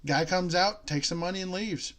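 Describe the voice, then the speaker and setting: A man's voice: high voice, normal speed, a bit bright. A young man chatting casually with a friend, laughing often and telling long jokes in which he voices the characters. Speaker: co-host.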